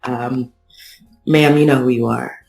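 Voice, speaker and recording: A woman's voice: very deep voice, steady tone, measured pace, vocal fry, echoey room, music in the background, poor audio. A woman co-hosting a podcast, talking casually with dry, self-deprecating wit. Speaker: podcast co-host.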